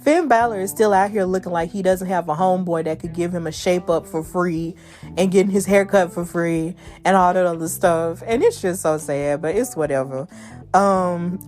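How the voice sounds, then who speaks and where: A woman's voice: on the low side, moderate pace, a little mellow, faint music behind. A woman hosting a podcast, recapping the week's wrestling shows in a chatty, slangy way and laughing at her own jokes. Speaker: podcast host.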